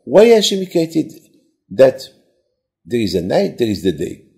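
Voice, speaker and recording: A man giving a sermon in simple, halting speech, often repeating words and asking rhetorical questions. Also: medium pitch, wildly swooping pitch, creaky, dark tone.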